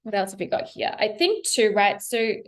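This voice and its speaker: A woman's voice: mid-range voice, expressive, normal speed. A young adult woman giving a casual tarot reading, chatty and encouraging, laughing often and talking with many fillers. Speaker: tarot reader.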